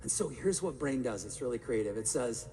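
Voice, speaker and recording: A man giving an energetic live talk to an audience in a large hall, firing rhetorical questions at the crowd. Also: mid-range voice, fairly quick. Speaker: motivational speaker. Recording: reverberant live hall, faint room noise.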